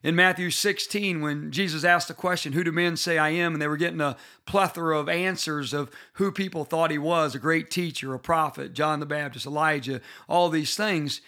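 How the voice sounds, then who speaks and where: A middle-aged pastor with a bright, forceful voice pitched a little high for a man. He teaches leaders from scripture in an earnest, personal way. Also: normal speed, few pauses. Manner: earnest storytelling, personal and emphatic. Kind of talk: bible-based leadership teaching.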